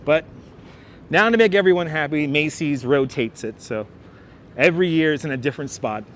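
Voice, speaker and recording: A New York man walks a city waterfront, chatting and joking with his livestream viewers. His voice sits a little high. A clip-on mic catches him up close, with faint traffic noise outdoors. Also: normal speed, fairly bright tone. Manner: chatty, jokey, addresses the chat. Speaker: livestream host. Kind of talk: live walking tour commentary. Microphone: wireless clip-on mic.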